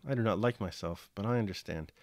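A gruff, warm-hearted nobleman and father, read by a man with a low voice. He speaks bluntly to his wife but with real affection. The voice sounds close and dry, with no room around it. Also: fast, dry recording, close to an everyday voice. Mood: affectionate.

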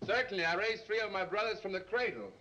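An actor playing an excitable, fussy male roommate who dabbles in astrology, theatrical with a gloomy deadpan. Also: high-pitched, fast. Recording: dull old film soundtrack.

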